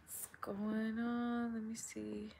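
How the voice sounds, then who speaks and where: A young woman hosting a casual live stream, chatting warmly with viewers, greeting them by name and saying "y'all", a little tired from long work weeks. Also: a little high, completely flat delivery, slow pace, vocal fry, a little hiss or hum.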